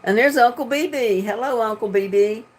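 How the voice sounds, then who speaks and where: A woman's voice: on the high side, moderate pace. Woman, Southern drawl, casual livestream chat, frequent laughter, computer mic. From North Carolina. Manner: chatty, laughs often. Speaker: livestream host reading chat. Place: at home. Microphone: computer webcam mic.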